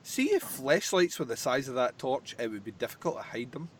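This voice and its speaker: A man's voice: mid-range voice, big pitch swings, brisk, slight background noise. A man in his thirties chatting and telling swearing, laugh-filled stories during a casual movie commentary. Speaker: podcast co-host.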